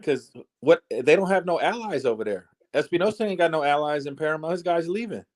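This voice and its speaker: A man's voice: on the high side, expressive, a little fast. A man in a casual barbershop chat, explaining boxing business in a matter-of-fact way.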